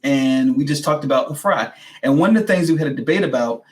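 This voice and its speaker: A man hosting a talk show, chatting casually with a friend in an animated, teasing way and stretching words out for emphasis. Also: medium pitch, quick pace. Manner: teasing, animated, laughs often. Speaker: show host.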